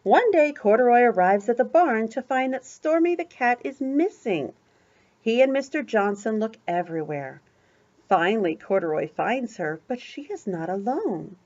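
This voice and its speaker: An older woman, a grandmother, reading a picture book aloud to a small child, animated, with gasps and asides to the child. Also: on the high side, moderate pace, muffled recording. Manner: animated, gasping, talks to the child between pages. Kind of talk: storybook read-aloud to a child.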